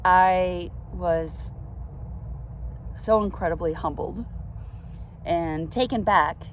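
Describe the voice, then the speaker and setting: A middle-aged woman speaks slowly and earnestly, reflecting on a personal experience in a casual storytelling way. Her voice sits a little low, and a faint outdoor hum from the park runs behind her. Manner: earnest, reflective, with soft laughs. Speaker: vlogger telling a faith story.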